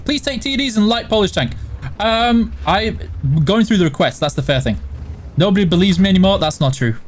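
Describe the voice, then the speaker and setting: A man's voice: sits high, a little fast. A man from the Yorkshire border area with a mild Yorkshire accent, hosting a live stream and answering chat in a casual, matter-of-fact way. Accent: mild Yorkshire English. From West and South Yorkshire border, England. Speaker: stream host reading chat.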